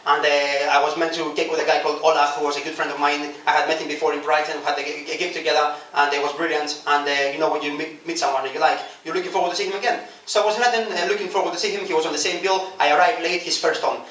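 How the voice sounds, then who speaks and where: A man performing a stand-up comedy set, telling a story with quick asides to the crowd. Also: on the high side, fairly even intonation, fairly bright tone. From Greece. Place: comedy club stage with audience. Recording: roomy club sound from far off. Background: audience laughter.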